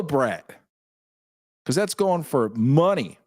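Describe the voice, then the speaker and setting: A man's voice: on the low side, animated, normal speed, a little mellow, no echo, studio quality. A man in his forties hosting a casual live stream, laughing often as he reads viewer comments aloud. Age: 40s. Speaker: show host.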